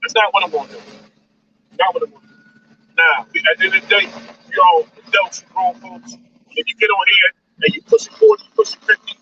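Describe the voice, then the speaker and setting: A man's voice: high voice, wildly swooping pitch, fast talker, long pauses, pushed and bright, lo-fi sound. Man, 40s, live-stream host. Preachy and repetitive, sounds distant with faint noise. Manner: preachy, repeats lines, says "man" a lot. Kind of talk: casual monologue on a live stream.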